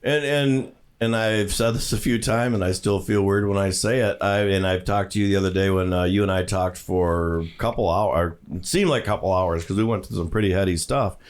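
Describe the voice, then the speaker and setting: A man hosting a casual podcast chat, often stumbling and repeating words as he asks his guests questions. His voice sits low. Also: brisk, few pauses, clear, resonant tone. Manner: repeats himself, talks in restarts, asks questions. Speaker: podcast host.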